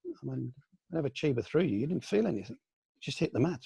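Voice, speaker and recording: An older man from the UK, a senior aikido teacher, reminiscing in a relaxed online question-and-answer session, with many ums and restarts. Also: on the high side, quick pace, creaky, breathy edge, dry recording. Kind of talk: casual online Q&A. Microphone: video call.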